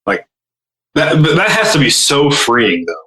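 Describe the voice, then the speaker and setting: A man co-hosting a podcast, telling stories in relaxed casual chat, full of "you know". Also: fairly high pitch, unhurried, reverberant, poor audio. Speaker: podcast co-host.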